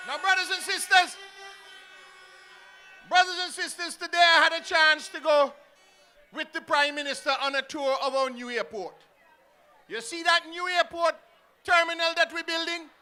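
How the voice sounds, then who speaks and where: A man's voice: extremely high pitch, bright, forceful tone. A man with an Antiguan accent speaking at an outdoor political rally, firing rhetorical questions at the crowd.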